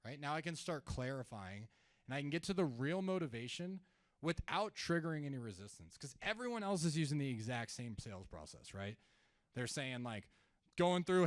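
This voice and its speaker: A man's voice: medium pitch, sing-song, a little fast, no echo, clean studio sound. A man giving a live sales training talk, conversational, asking the room questions and acting out calls with sellers. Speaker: sales trainer speaking at an event.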